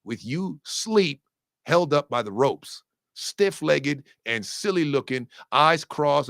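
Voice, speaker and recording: A man giving casual, opinionated commentary on boxing, animated, profane and joking, with sudden loud outbursts. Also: fairly high pitch, slow pace, creaky, no echo, studio quality.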